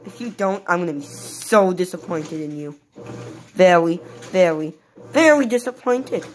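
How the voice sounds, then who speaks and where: A woman's voice: on the low side, expressive, measured pace, slight background noise. A woman putting on the voice of Teddy, a whiny little boy who gets upset easily, pouting and demanding in a skit.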